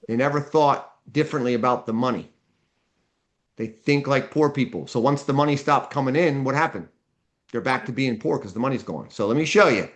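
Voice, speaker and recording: A man's voice: on the high side, a bit bright. A man teaching a live seminar, blunt and direct, tossing questions at the class and answering them himself. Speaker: seminar instructor.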